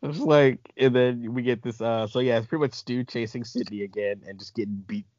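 A man's voice: mid-range voice, fairly even intonation, fairly quick, darkish tone, no echo, highs cut off. Laughing man recapping a film. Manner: laughs often while recapping, enthusiastic. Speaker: podcast host. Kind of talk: casual movie-recap chat.

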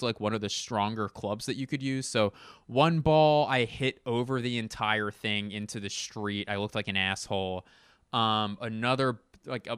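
A man's voice: mid-range voice, a bit bright, smooth, no room sound, clean studio sound. A young adult man, a podcast host, at home telling a rambling, profane, self-mocking comedic story in casual monologue. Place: at home, in a bedroom.

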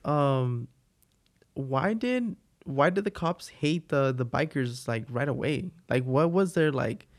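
A man's voice: medium pitch, expressive, slow. Rambling, swearing podcast man. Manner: rambling and profane, with lots of fillers. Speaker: podcast co-host. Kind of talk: casual chat.

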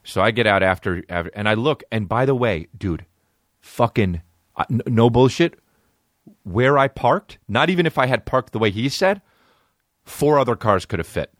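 A podcast host with a mid-range, fairly bright voice speaks at normal speed with lively intonation. He tells a rambling, profane comic story and reads ads, captured in a dry, clean studio recording.

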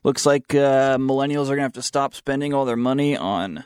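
Young opinionated talk host, dry studio. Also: male voice, mid-range voice, fairly quick, darkish tone, smooth, no room sound. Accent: Southern American. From southern United States. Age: young adult. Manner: sarcastic, opinionated, reads news aloud. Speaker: student talk show host. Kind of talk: opinionated talk radio monologue.

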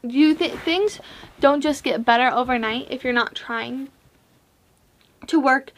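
A young woman with a notably high, light voice talks straight to her viewers in a casual vlog. She is earnest and frank, and pokes fun at her own past mistakes. Her advice comes with animated emphasis. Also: unhurried. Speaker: vlog host. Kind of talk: casual faith-based advice talk.

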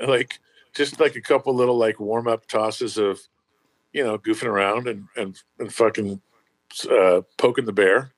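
A man's voice: lowish voice, fairly even intonation, normal speed, no echo. A man telling a story in casual chat, rambling and swearing freely with lots of fillers.

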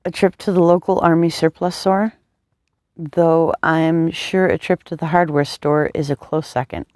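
A woman voicing a gentle, devoted young man who speaks softly and teases his sweetheart affectionately. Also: low voice, steady tone, unhurried, no echo, clean studio sound. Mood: teasing. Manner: soft, affectionate, teasing.

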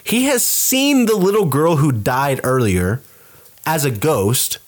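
Male podcast co-host, lively pitch, animated storyteller who acts out scenes. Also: takes it slowly. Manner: animated storytelling, acts out characters with laughs and profanity. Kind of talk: casual movie recap chat.

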